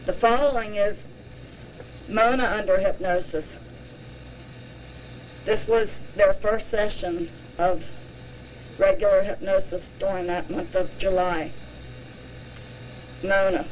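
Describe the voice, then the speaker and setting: Woman host, slow measured narration, dull lo-fi sound with faint hiss. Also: medium pitch, steady tone. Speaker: podcast host. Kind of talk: scripted narration.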